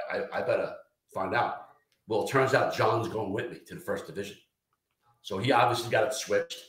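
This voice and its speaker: A man tells his stories in a loose, profane way, acting out what each person said. His voice sits at a middling pitch. The room gives it a noticeable echo. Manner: profane, animated anecdotes with quoted dialogue. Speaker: retired fire lieutenant guest. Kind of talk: casual storytelling interview. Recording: roomy echo.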